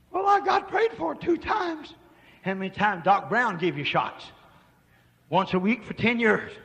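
An older preacher delivers a folksy sermon, his voice high and piercingly bright. He swings from hollered shouts down to hushed murmurs. The sound rings with the long reverb of a church hall. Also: vocal fry.

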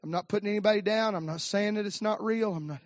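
Fifties pastor, very high voice, fervent preaching swinging to shouts, dry dull lo-fi recording. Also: male voice, fast, no echo. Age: 50s. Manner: fervent preaching, swinging from low murmurs to shouted climaxes with "uh" fillers. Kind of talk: sermon.

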